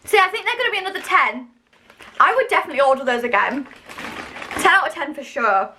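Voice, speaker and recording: There's slight background noise as a young British vlogger chats enthusiastically and casually through a snack review, using many fillers. She speaks at a quick pace in a high-pitched voice with lively intonation and a bright, forceful tone.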